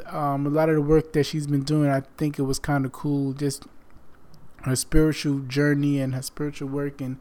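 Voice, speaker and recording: Guy hosting a podcast, kinda hoarse from losing his voice, rambly, lots of ums, slightly high voice. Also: warm tone. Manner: rambling, many fillers and restarts. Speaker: podcast host. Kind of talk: casual chat.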